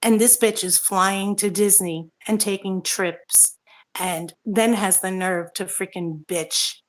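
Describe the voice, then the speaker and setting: A woman's voice: medium pitch, steady tone, slow. A middle-aged woman hosting a casual talk show, ranting angrily and swearing as she reads out viewer comments. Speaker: host. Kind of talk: casual chat.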